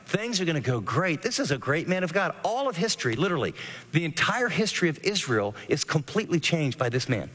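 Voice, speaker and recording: Animated preaching man, long reverb. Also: fairly high pitch, fairly quick, breathy edge. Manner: animated preaching with sudden rises and drops. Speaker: pastor. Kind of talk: radio sermon.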